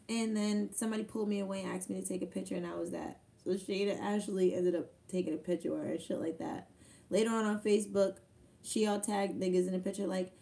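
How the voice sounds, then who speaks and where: A woman's voice: medium pitch, fast, vocal fry, dark tone, far from the mic. A young woman, a battle rapper telling stories in a loose, profane, casual way. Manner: loose, profane storytelling with quoted asides. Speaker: battle rapper answering fan questions. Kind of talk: casual Q&A chat.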